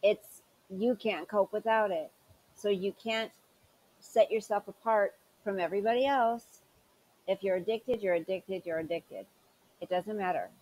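A woman's voice: medium pitch, unhurried, a little mellow, low-quality recording. A woman hosting a commentary show, sarcastic and scolding as she mocks the clips she reacts to. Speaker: commentary channel host.

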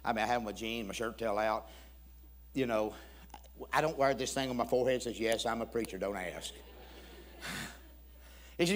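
A man's voice: medium pitch, lively intonation, moderate pace, pauses often. Folksy man preaching a sermon. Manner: folksy, humorous, acts out both sides of a conversation. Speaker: guest preacher. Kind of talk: storytelling sermon. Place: church sanctuary.

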